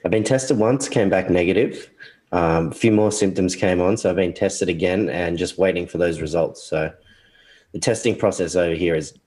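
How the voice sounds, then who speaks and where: Very deep-voiced, sniffly podcast co-host. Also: male voice, moderate pace, darkish tone. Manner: laid-back, teasing banter. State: sniffly, congested. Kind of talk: casual podcast chat.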